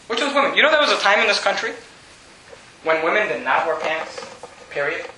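A man's voice: sits high, sing-song, brisk, bright, forceful tone, slight background noise. A male pastor preaching an emphatic, repetitive sermon in a church. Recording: very echoey room.

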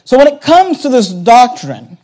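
A man's voice: very high voice, wildly swooping pitch, a little slow, warm tone, poor audio. A man preaching a sermon as a pastor, hammering points home with emphatic repetition.

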